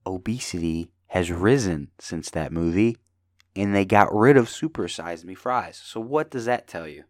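Young male podcast host, very low voice, loose jokey rambling, sounds worn out. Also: lively intonation, moderate pace. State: tired. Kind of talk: casual solo podcast chat.

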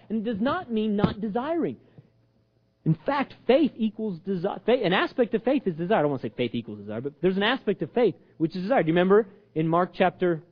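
A man's voice: very high-pitched, muffled recording. A man preaching a sermon as pastor, acting out the voices he quotes and joking along the way. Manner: animated, acts out quoted voices, jokes with audience.

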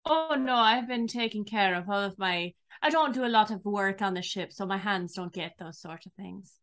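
A woman's voice: medium pitch, moderate pace, fairly bright tone, natural voice. A woman voicing a vain, foppish male space captain who talks in a pompous, theatrical way.

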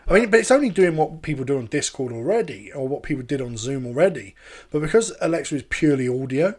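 Hombre británico, charla malhablada y animada. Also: male voice, a little high, fast talker. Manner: sweary, animated storytelling. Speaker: podcast host. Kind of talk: casual chat.

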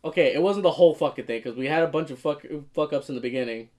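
A man with a fairly high voice rants through a casual chat. He is excitable and swears constantly, and he tells the story in a loose way. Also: quick pace. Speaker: podcast co-host.

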